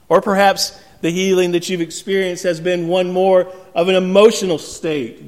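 Male pastor, somewhat high voice, earnest sermon with light humor, long church reverb. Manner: earnest preaching with gentle storytelling humor. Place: church sanctuary.

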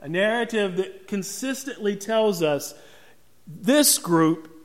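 Male pastor, emphatic sermon, slow deliberate pace, reverberant church. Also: sits high, expressive. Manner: emphatic preaching with dramatic pauses and rhetorical questions.

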